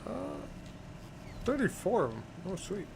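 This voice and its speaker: Gaming host, male, unhurried and chatty, thinks aloud as he plays, faint hum behind. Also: high-pitched, big pitch swings. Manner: easygoing, muttering to himself with fillers. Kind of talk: casual gameplay commentary.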